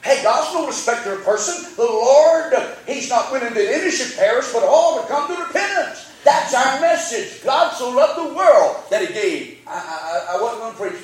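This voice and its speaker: A man preaching a sermon as pastor, fervent and call-and-response, rising to shouts. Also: very high-pitched, expressive, moderate pace, hardly any pauses. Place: church sanctuary. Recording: very echoey church, mic at a distance.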